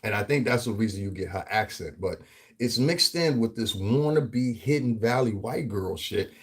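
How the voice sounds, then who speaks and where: Brief: husky male vlogger from the US Northeast, profane, animated, ranting commentary. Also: lowish voice, moderate pace. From Northeastern United States. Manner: profane, animated, laughs often, acts out quotes. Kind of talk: casual commentary rant.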